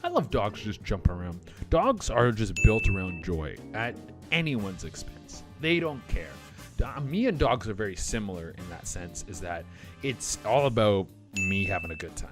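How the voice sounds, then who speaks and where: A man riffs through a comedy reaction video with a loose, rambling delivery full of swearing and jokey asides. His voice swings lively up and down. Music plays clearly behind him. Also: on the low side, normal speed. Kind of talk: casual comedic reaction commentary.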